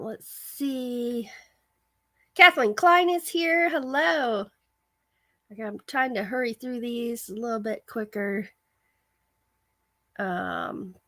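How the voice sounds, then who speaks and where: A woman hosts a casual livestream, chatting and telling stories in a bright, clear voice. She reads out viewer comments as she goes. The sound is dry and close, with no room echo. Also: on the high side. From American. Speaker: livestream host. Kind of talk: casual live-stream chat.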